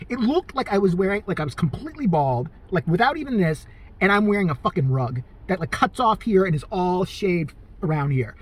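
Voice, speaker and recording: A man telling a profane, comedic rant about his day in a casual vlog. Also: high-pitched. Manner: animated, profane, storytelling. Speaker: vlogger.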